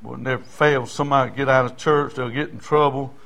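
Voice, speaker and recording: A middle-aged man preaching a sermon, folksy and storytelling, rising now and then into shouting. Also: mid-range voice, fairly even intonation, brisk, creaky. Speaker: pastor.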